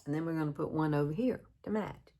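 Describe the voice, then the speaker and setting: A woman's voice: sits low, fast talker, warm tone. A Southern woman from Alabama in her fifties, chatting casually through a makeup tutorial and laughing at herself often. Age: 50s. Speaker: beauty vlogger.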